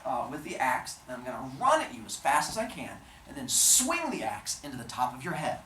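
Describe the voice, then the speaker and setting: A man's voice: medium pitch, huge pitch swings, brisk, sharp tone, a little hiss or hum. A male teacher voicing Hephaestus as a clumsy smith god who rambles with many hesitations, in an echoey classroom from a distance. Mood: scheming.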